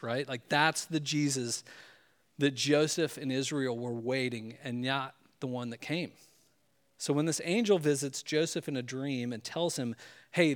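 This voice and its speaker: A male pastor giving a sermon in a loose, conversational way, often checking in with "right?". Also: medium pitch.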